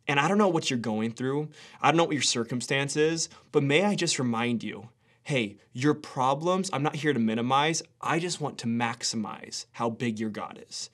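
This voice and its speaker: A young man giving a casual devotional sermon as a pastor, telling stories with quick asides. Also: medium pitch, a bit bright.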